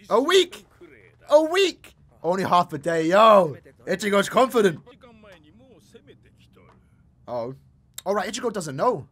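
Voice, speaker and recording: A young man hosting an anime reaction, casual and slangy, breaking into excited exclamations and shouts. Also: a little high. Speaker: anime reaction channel host.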